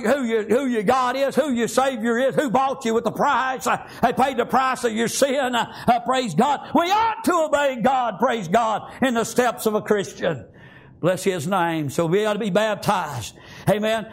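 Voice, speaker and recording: A man preaching a fervent sermon, often breaking into shouts and filling his lines with "praise God" and "amen.". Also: very high-pitched, vocal fry.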